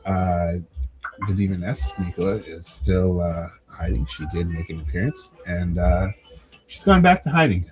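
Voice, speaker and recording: Chill guy w a lowish voice rambling thru plugs, lots of uhs, cusses for fun. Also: lively intonation, unhurried, music in the background, low-quality recording. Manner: laid-back, plugging projects, many fillers, swears jokingly. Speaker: podcast co-host and promo wrestler. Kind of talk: casual podcast chat.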